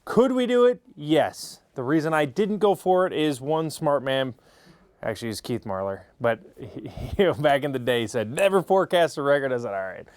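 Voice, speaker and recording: A man's voice: mid-range voice, lively intonation, a little mellow, clean tone, no room sound. Male TV weatherman, chatty and upbeat, mid-range voice, dry sound. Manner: chatty, upbeat, quick bursts. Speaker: meteorologist. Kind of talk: TV weather forecast.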